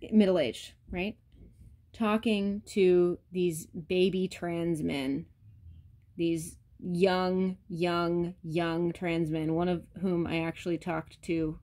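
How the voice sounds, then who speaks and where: A woman with a somewhat low speaking voice rants bluntly on her vlog. She swears freely and talks straight to her viewers in a casual, unscripted way. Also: darkish tone. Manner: blunt, profane, ranting; addresses viewers directly. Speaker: vlogger. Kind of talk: casual rant to camera.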